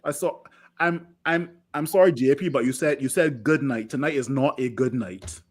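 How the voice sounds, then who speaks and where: Furious swearing football fan. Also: male voice, mid-range voice, moderate pace. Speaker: fan panelist. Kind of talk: angry fan rant on a podcast.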